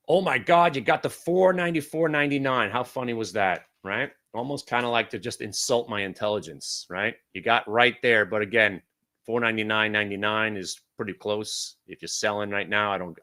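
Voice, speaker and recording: A brash man runs a live trading room and calls out trades as they happen. His voice is bright and forceful, and he swings between loud outbursts and low, muttered asides. He swears casually as he talks. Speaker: day-trading room host.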